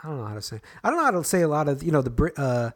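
A man's voice: a little high, sing-song, very fast. A man co-hosting a casual chat, rambling and correcting himself with a playful, joking manner. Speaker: podcast co-host.

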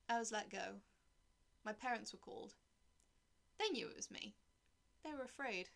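Gravelly woman narrating a dark tale. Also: mid-range voice, expressive, normal speed, long pauses. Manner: cold, detached delivery dipping into whispers. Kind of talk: scripted narration of a dark first-person story.

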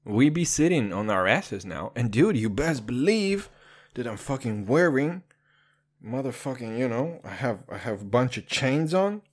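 Male comedy podcast host, non-native English, foul-mouthed mock-gangster bravado, lively melody, slips into a fake deep voice. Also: normal speed. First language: not English. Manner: dips into a put-on deep voice.

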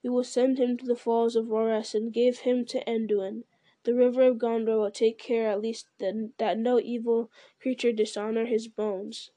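A woman's voice: fairly high pitch, level tone, moderate pace, warm tone, no room sound, lightly acted. A woman voicing a grave, burdened male ranger and leader, speaking in a solemn, weary way.

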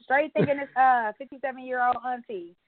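A woman co-hosting a podcast, telling stories in casual chat, animated and laughing often. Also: high-pitched, a little fast, dry recording. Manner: chatty storyteller, animated retellings, frequent laughs. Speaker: podcast co-host. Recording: tinny phone-line sound.

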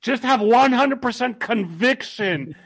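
High, gravelly man telling a story. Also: a little slow. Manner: animated, laughs often, shouts when quoting himself. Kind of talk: casual storytelling.

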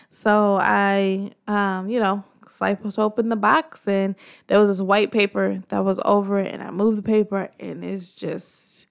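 Woman, gravelly fry, casual storyteller who acts out the quotes. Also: a little slow. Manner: animated storytelling, acting out quotes with pitch jumps. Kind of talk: casual chat.

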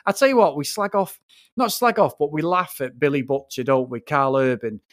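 A man's voice: a little high, normal speed. A man co-hosting a film review podcast, ranting bluntly and swearing freely in casual chat.

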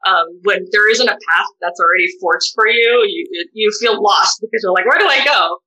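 Bright-voiced woman talking with heart. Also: mid-range voice, normal speed, rough recording. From United States. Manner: animated, many fillers and restarts, voice rises sharply when quoting others. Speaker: guest, therapist and doctoral researcher. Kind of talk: emotional conversational interview.

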